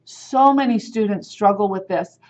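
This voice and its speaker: A woman instructor talks students through what she grades, at an ordinary middle pitch. Her delivery is direct and firm, spelling things out plainly. The recording sounds a little dull and lo-fi. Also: normal speed, a little mellow. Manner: direct, firm teacherly explaining. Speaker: sign language instructor. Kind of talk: recorded lecture on grading criteria.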